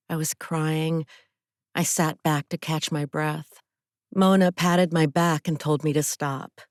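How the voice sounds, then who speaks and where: Low-voiced woman reading an audiobook. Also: no echo, studio quality. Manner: emotional first-person storytelling. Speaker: author reading her own book. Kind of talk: audiobook narration.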